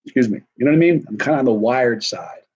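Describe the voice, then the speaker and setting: A man's voice: medium pitch, quick pace, darkish tone, husky, dull audio. A middle-aged man chatting casually on a live stream, rambling and self-deprecating, worn out and wired at once. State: tired and wired. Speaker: vlogger answering live chat.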